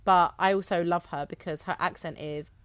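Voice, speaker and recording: A woman's voice: on the low side, steady tone, moderate pace, a bit bright, no echo. A young woman co-hosting a podcast, chatting casually with wry jokes and easy swearing. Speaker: podcast co-host. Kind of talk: casual chat.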